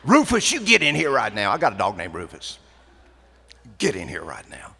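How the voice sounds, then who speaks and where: A man imitating a country store man hollering for his dog in a loud, bellowing drawl, in an echoey hall. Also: on the low side, huge pitch swings, normal speed, creaky, husky, full character voice.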